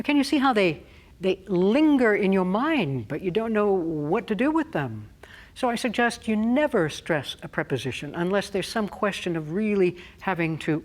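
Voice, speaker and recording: A woman voice coach giving a clear, deliberate spoken lesson on stressing words. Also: lowish voice.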